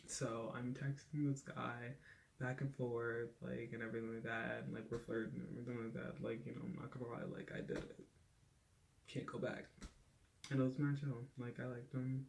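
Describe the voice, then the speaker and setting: Gravelly young man rambling a story. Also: mid-range voice, little pitch movement, moderate pace, a little hiss or hum. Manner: rambling, heavy on "like" fillers, candid and profane. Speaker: vlogger. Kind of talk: casual storytime.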